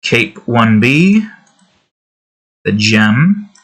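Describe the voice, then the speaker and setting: A man's voice: medium pitch, big pitch swings, extremely slow, fairly bright tone. A young man chatting casually while he draws at home, rambling with lots of fillers and side comments. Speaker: digital artist and channel host. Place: at home indoors, with his cat nearby.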